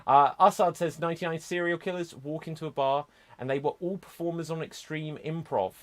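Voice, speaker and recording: A man's voice: fairly high pitch, fairly even intonation, fairly quick. Chatty man hosting improv. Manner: upbeat, loose, lots of fillers and asides. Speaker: improv show host.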